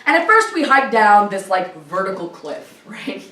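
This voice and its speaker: A woman telling a comic story in a solo show, animated and laughing often as she voices the people in it. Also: medium pitch, moderate pace, reverberant, distant mic. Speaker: comedic storyteller. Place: live performance venue.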